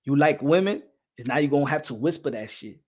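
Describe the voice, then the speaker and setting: A man hosting a boxing podcast in a loud, animated rant, laughing and swearing often. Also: on the high side, fast. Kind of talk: casual livestream rant.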